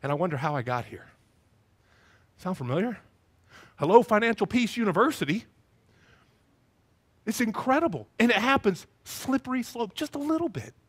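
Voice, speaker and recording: A male pastor preaching a sermon, telling stories in a lively way and acting out the voices of the people in them. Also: high-pitched, moderate pace, long pauses, husky. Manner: lively storytelling, acts out voices.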